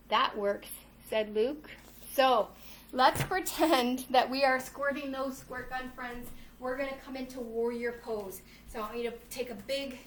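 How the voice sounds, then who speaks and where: A woman's voice: high-pitched, a bit bright, recorded from a distance. A woman who teaches yoga to children, cheerfully reading a storybook and leading a class, often calling the listeners friends. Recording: roomy echo, faint noise.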